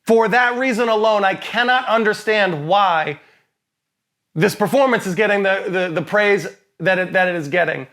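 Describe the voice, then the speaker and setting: A man's voice: high voice, moderate pace, fairly bright tone. A man co-hosting a casual movie review show, emphatic and opinionated, laughing often. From lives in Boston. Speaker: podcast co-host.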